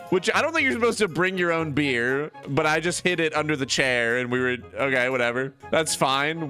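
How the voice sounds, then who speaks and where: A young man tells a rambling, animated story, his voice bright and forceful, acting out each person in it. His pitch sits a little above the usual, and soft music plays under his talk. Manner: animated, many "like" fillers, acts out other voices. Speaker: streamer. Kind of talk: casual storytelling.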